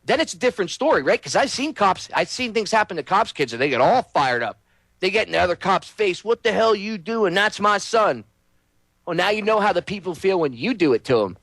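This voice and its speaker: A man's voice: high voice, very animated, quick pace, dry recording. A man hosting a show, delivering an angry, profane political rant. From United States. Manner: angry, shouting, profane and preachy. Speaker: host.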